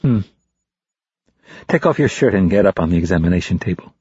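A man doing a composed woman doctor in an audiobook, blunt and matter-of-fact, in a low, husky voice. The recording is dry and a bit dull. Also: expressive, brisk, a little mellow, dry recording, full character voice.

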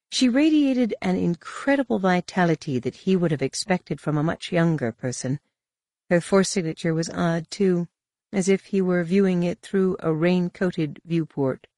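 An audiobook narrator with a mid-range voice reads in a steady, even way. The sound is dry and close, with no room around it. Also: mid-range voice, dry recording. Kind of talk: scripted narration.

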